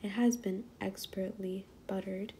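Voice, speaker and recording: A grumbling, disapproving older sister from a storybook, read out by a woman. Her lines come out curt and hushed in a mellow, gravelly voice. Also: medium pitch, fairly even intonation, a little slow, a little hiss or hum, close to an everyday voice.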